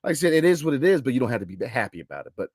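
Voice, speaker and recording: Lively late-night sports podcast host man. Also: mid-range voice, racing, breathy edge, no echo, studio quality. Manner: animated, talks through slang and repeated fillers.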